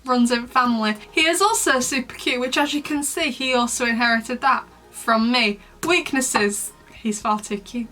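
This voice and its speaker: Young girl vlogging, super bright voice a bit high, chatty and dramatic, soft music under it. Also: moderate pace, hardly any pauses. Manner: chatty, dramatic, playfully mean. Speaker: YouTuber, host. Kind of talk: casual commentary vlog.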